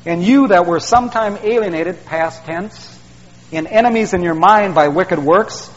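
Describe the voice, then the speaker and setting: A man's voice: sits high, moderate pace. A male preacher, delivering a folksy sermon that he peppers with "man" and "see". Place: church sanctuary. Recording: dull sound, long hall reverb.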